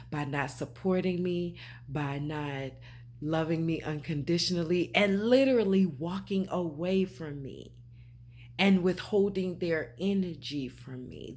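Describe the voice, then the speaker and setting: Measured in pace, fairly low in pitch, slightly mellow and breathy, a woman talks straight into the camera as a spiritual vlogger. She's emphatic and sermonizing, restating her points and calling people babe and honey.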